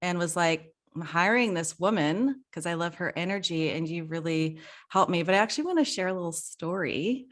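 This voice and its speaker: A middle-aged woman hosting a podcast, talking in a casual, heartfelt way, emotional and quick to laugh. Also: fairly low pitch, lively intonation. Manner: warm, emotional, laughs often. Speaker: podcast host.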